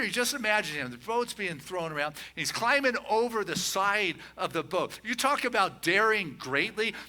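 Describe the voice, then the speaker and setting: A man giving a conversational sermon as a minister, telling a story in a folksy way with many "you know" asides and slowing down on his key points. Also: sits high, sharp tone. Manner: slows and rises on key points.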